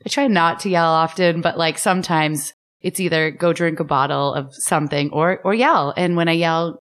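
Woman, middle-aged, podcast co-host, animated, exclaiming, low-ish voice. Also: normal speed. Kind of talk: casual chat.

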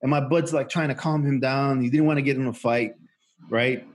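This podcast co-host is a man with a mid-range voice, fairly even intonation, and a moderate pace. He tells a casual, rambling story full of profanity, fillers, and restarts.

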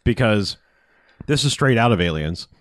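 A man's voice: lowish voice, expressive, normal speed, no room sound, studio quality. A man chatting casually on a podcast about a film, rambling and acting out characters' lines in a raised voice. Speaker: podcast co-host. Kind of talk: casual movie review chat.

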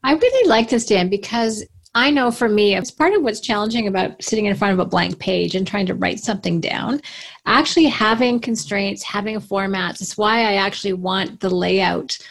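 Woman host, mid-pitched, some vocal fry, upbeat, conversational. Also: normal speed. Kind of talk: casual conversation.

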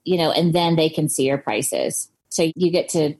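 A woman's voice: low voice, lively intonation, moderate pace, a little mellow, slightly rough. A woman being interviewed on a podcast about her photography business, speaking in an earnest, thoughtful way. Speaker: guest photographer.

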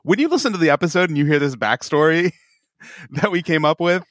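A man's voice: fairly high pitch, expressive, fairly quick, fairly bright tone, no room sound, clean studio sound. A man co-hosting a podcast in casual chat, laid-back and laughing often. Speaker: podcast co-host.

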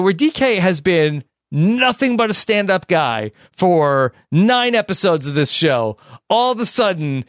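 A man's voice: high-pitched, no room sound, clean studio sound. A man hosting a podcast, leading a casual recap chat and acting out quotes with animation. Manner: leads the talk, animated quoting. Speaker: podcast host.

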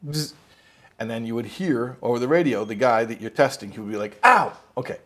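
A man's voice: medium pitch, fairly quick. A man giving an informal spoken lesson as a religious teacher. He tells the story in a rambling way, restarts himself, and acts out the quotes.

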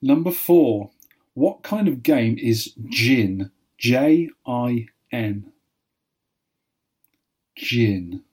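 A man hosting a playful quiz, teasing and deadpan. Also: mid-range voice, very slow, long pauses, husky. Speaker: podcast co-host, quizmaster.

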